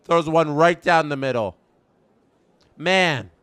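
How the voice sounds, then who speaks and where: A man streaming a live fan reaction, calling the action in an announcer style and swinging between emotional shouts and stunned murmurs. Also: fairly high pitch, slow pace, smooth, no room sound. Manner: announcer-style play-by-play call.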